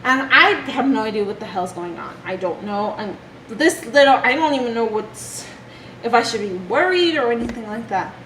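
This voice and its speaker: A young woman telling a personal story from her childhood in a halting, emotional way. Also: a little high, expressive, a bit bright. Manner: emotional, halting retelling with restarts. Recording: echoey room with background noise.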